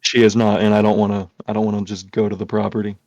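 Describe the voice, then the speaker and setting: Talking fast in a low, level, mellow voice, a male podcast host rambles through an offhand story, swearing a lot and leaning on filler words. It's a dry recording with dull lo-fi quality.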